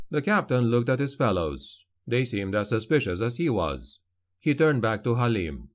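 A man's voice: medium pitch, sing-song. Dramatic male fantasy narrator. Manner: dramatic, measured storytelling. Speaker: audiobook narrator.

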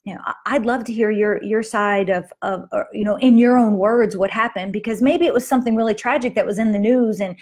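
A woman's voice: medium pitch, brisk, few pauses, darkish tone. A middle-aged woman hosting a faith-based moms' talk, chatting conversationally with frequent restarts and fillers. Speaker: host of a moms' ministry talk. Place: Las Vegas.

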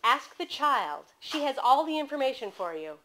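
A woman's voice: high voice, very animated, moderate pace. A woman reading aloud voices a worn-out, blunt middle-aged woman who speaks in short, weary sentences. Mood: hardened. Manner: weary, terse.

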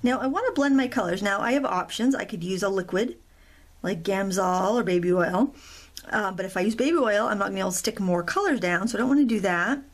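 A woman's voice: mid-range voice, fast talker. A middle-aged woman hosting a real-time coloring tutorial at a craft table, chatty and rambling, with self-deprecating asides.

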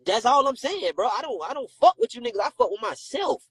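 A high-voiced man ranting on a live stream, brash and heavy on profanity as he hits back at critics. He talks into a phone in a dry, close space. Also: sing-song, a little fast, creaky, fairly bright tone, no room sound, low-quality recording. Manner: brash, profane, confrontational, repeats insults at critics. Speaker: rapper and comedian on a live stream.

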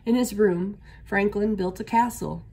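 Gravelly-voiced woman reading a picture book. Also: mid-range voice, unhurried, slight background noise. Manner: steady, expressive read-aloud. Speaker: storyteller. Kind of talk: reading a children's book aloud.

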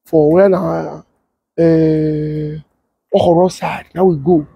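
A young adult man with a Nigerian Pidgin English accent, telling a story and acting out the voices of others in a husky tone. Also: slow pace, dry recording, dull audio. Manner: switches to high excited voice when quoting others. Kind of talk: animated storytelling with acted-out quotes.

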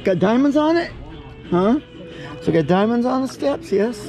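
Lively, playful dad at a pool. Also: male voice, very high voice, moderate pace, low-quality recording. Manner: patient, encouraging, teasing. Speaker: father playing with his son. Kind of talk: casual playful chat with a child. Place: swimming pool. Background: music.

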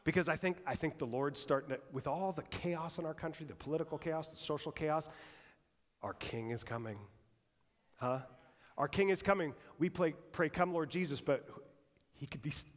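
A man preaching a sermon as pastor, conversational and animated, swinging between loud and hushed. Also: on the high side, moderate pace. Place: church sanctuary. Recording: long church reverb.

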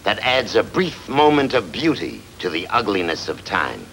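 An actor playing a sardonic, witty male theater critic in a 1940s film, with a deep, gravelly voice. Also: very animated, moderate pace. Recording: noisy 1940s film soundtrack.

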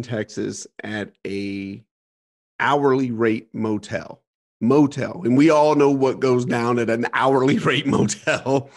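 A middle-aged man telling a frank personal story as a podcast guest, repeating words and swearing casually. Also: medium pitch. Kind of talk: candid storytelling interview.

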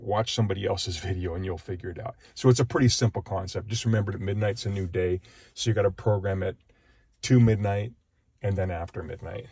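A man's voice: low-pitched, creaky, a little mellow, slightly rough, no echo. A man giving a casual walkthrough of his car's settings from inside it, rambling, hesitant and correcting himself as he goes. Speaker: car owner giving a tour. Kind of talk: casual walkthrough, thinking aloud.

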